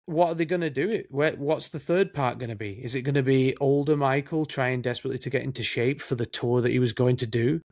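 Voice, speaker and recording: A man's voice: medium pitch, fast talker, hardly any pauses, darkish tone, no room sound, studio quality. Chatty Northern English man. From Northern England. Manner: chatty, rambling, says mate often. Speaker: co-host, film production assistant. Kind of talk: casual film chat.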